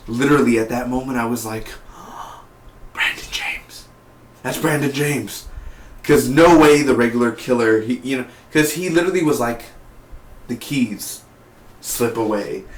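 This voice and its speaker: Rambling young man in an echoey room. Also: mid-range voice. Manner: rambling, excitable, chatty. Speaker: TV show reviewer. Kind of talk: casual spoken review vlog.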